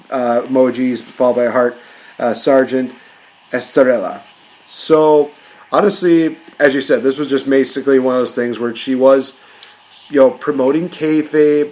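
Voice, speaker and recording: A man's voice: mid-range voice, a little mellow, poor audio. A man hosting a podcast, ranting in a casual, jokey way. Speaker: podcast host.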